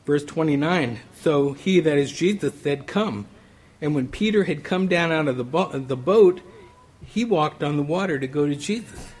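A man preaching a sermon in a relaxed, conversational way, often restarting phrases. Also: fairly high pitch, normal speed, slightly rough. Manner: conversational, many restarts and "you know".

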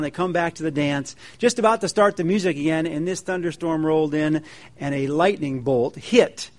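A man preaching a sermon in a folksy, joking way, reading scripture and telling stories with lively emphasis. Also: fairly high pitch. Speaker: pastor.

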